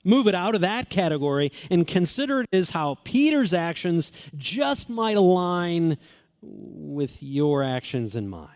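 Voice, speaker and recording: A man preaching a sermon as pastor, earnest and emphatic, repeating key phrases and slowing down for stress. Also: high-pitched, sing-song, a little mellow. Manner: earnest, emphatic repetition, swings between quick and slow phrasing.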